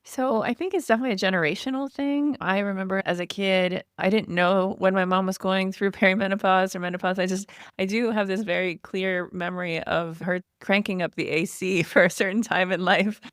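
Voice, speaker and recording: A woman's voice: mid-range voice, steady tone, a little fast, hardly any pauses, clean tone, dry recording, studio quality. A woman in her forties, a podcast guest, explaining things in a chatty way with light laughs. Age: 40s. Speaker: podcast guest, online store founder. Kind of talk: casual interview chat.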